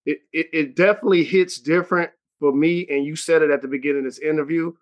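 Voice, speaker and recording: A man hosts a podcast with an earnest, supportive manner. His voice sits slightly higher than most men's. He asks his questions with sincere feeling. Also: fairly even intonation, fast talker, dull audio. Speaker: podcast host. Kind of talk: interview questions.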